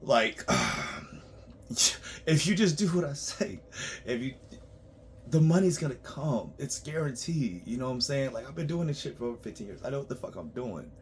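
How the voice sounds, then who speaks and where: A man working as a tax preparer, ranting bluntly and profanely in a monologue, swinging between loud outbursts and low muttering. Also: big pitch swings, moderate pace, a little hiss or hum.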